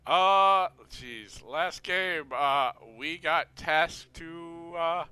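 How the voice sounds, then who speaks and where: A man in a casual stream chat who talks haltingly and laughs often. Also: fairly high pitch, sharp tone, clear, resonant tone. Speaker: player.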